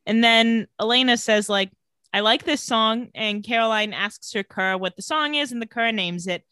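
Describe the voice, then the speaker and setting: A young woman co-hosting a podcast, casually recapping a TV episode and acting out the characters' lines in animated storytelling. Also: a little high, normal speed, clear, resonant tone, no echo, studio quality. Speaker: podcast co-host.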